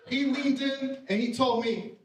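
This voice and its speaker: A man's voice: very high-pitched, very noisy. A man doing a live stand-up set, brash and profane, with self-mocking punchlines. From Puerto Rican family. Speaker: stand-up comedian. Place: theater stage with live audience. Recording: roomy theater sound from a distance.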